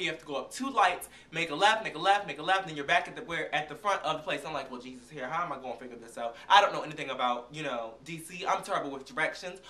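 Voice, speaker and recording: A young man telling a casual, animated story as a vlogger, acting out the dialogue himself and sounding like he is getting over an illness. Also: high-pitched, roomy sound. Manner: animated, chatty, acts out dialogue. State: recovering from illness. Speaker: vlogger reviewing a concert.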